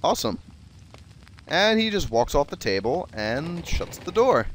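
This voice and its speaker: A man's voice: a little high, very animated, measured pace, a bit bright, slight background noise. A man with a South Jersey accent, giving chatty, sarcastic commentary while playing a video game. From South Jersey, USA. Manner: chatty, sarcastic, swears casually. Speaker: let's play gamer. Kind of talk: casual gameplay commentary.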